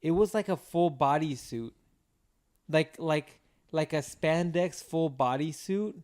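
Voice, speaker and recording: A man's voice: a little high, slow pace. A man co-hosting a podcast, chatting casually and telling rambling, profane stories with lots of fillers. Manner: rambling, profane, animated storytelling. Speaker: podcast co-host.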